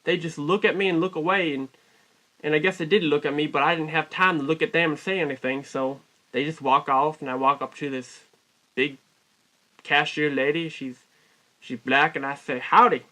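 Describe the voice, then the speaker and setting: A man telling a rambling, mock-folksy comic story in a put-on Southern US drawl, deadpan and constantly correcting himself. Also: on the high side, normal speed. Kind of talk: deadpan comic character monologue.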